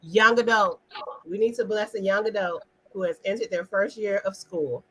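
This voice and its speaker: A woman's voice: medium pitch, normal speed, a crowd in the background, rough recording. A woman hosting an online live talk, speaking emphatically in a casual, preachy way and addressing viewers in the chat. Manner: emphatic, preachy, asks the audience questions; talks directly to viewers in the chat.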